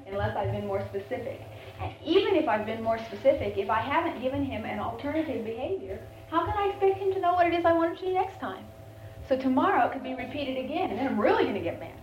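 A woman leading a live seminar on family communication, talking with her audience in a conversational way and acting out quoted family scenes. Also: a little high. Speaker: seminar leader. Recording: echoey lo-fi room recording with faint hiss.

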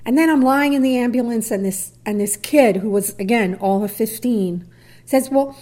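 A middle-aged woman with a fairly high, mellow voice tells a listener a personal story at a moderate pace. She acts out the voices of people she quotes and drops to near whispers at times.

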